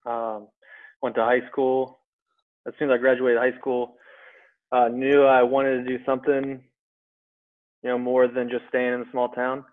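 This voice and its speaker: A young man in his twenties from rural Pennsylvania, answering interview questions in a low-key, brief way. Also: completely flat delivery, measured pace, long pauses. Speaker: guest, pararescue graduate. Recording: phone-like thin sound.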